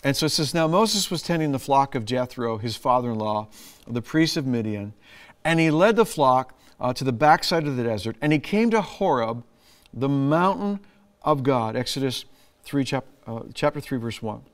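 A middle-aged man preaching a sermon, animated, laughing often and acting out lines in a raised voice. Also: medium pitch, moderate pace. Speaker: pastor.

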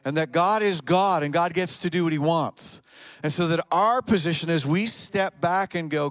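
A man with a high, bright-toned voice preaches a sermon to his congregation, building up into shouted, fervent emphasis. His voice is recorded close and dry, with almost no room sound. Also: moderate pace, no room sound. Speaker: pastor. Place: church service in front of a congregation.

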